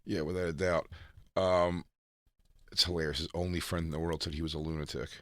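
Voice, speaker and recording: A man co-hosting a podcast, trading dark jokes in casual chat and laughing often. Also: deep voice, flat delivery, fairly quick, no room sound, clean studio sound. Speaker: podcast co-host.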